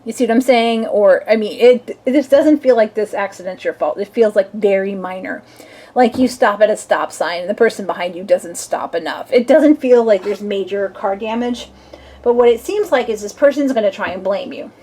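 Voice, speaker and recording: A woman's voice: mid-range voice, moderate pace, warm tone. Woman, young adult, tarot reader, casual chatty reading, playful. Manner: chatty, playful, acts out little scenes.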